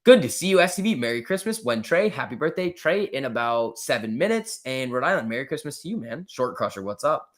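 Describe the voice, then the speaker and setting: A man's voice: medium pitch, big pitch swings, brisk, hardly any pauses. A man hosting a casual live stream, reading viewer comments aloud and answering them with a joking, lightly teasing manner. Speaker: livestream host.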